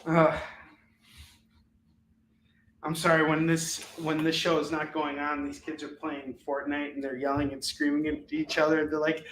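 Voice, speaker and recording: A man's voice: fairly high pitch, little pitch movement, a little slow, long pauses, a bit bright, reverberant, poor audio. A man hosting a live comic book sale from his home, chatting casually and laughing often as he counts off stacks of books. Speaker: host selling comics on a live stream. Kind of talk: casual live sales patter. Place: his home, with kids in the house.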